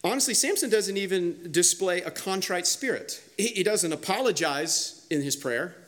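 A male pastor preaching a sermon, emphatic and animated, acting out the quoted voices he reads from. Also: sits high, moderate pace.

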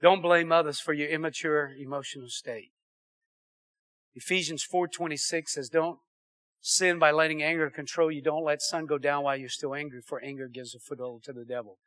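A man preaching to his congregation. His voice sits high and rings bright and forceful, and he keeps turning to the crowd with questions as he swings between loud and hushed. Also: moderate pace. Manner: animated preaching with audience call-outs. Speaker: pastor. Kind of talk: sermon.

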